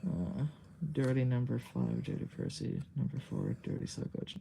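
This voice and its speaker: A man's voice: medium pitch, expressive, moderate pace, creaky, warm tone, slight background noise. A man chatting on a livestream, rambling with filler words, giggling often and swearing casually. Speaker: streamer.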